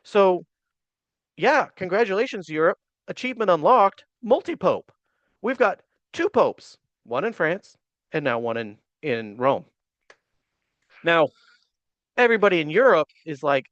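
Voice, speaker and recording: A man's voice: sits high, sing-song, unhurried, long pauses, fairly bright tone, no echo, highs cut off. A man teaching church history in a casual, conversational way, wry and joking, often acting out quoted figures. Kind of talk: casual explanatory lecture.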